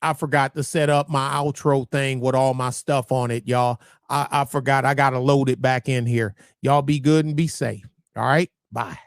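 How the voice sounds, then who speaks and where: A man's voice: mid-range voice, steady tone, normal speed, smooth, dry recording, studio quality. A man hosting a livestream, talking bluntly and profanely in rambling commentary that keeps restarting phrases. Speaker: livestream host.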